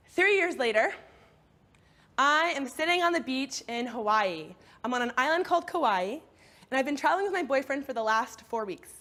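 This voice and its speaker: A woman giving a motivational talk, telling a personal story in an expressive, animated way. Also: sits high. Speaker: speaker.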